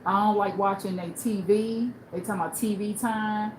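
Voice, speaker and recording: A blunt, animated woman telling stories on a livestream, switching into voices for the people she quotes. Her voice sits in a middle range. The room is echoey, and steady background noise runs underneath. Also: medium pitch, moderate pace. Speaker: livestream host. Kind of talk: casual storytelling on a livestream.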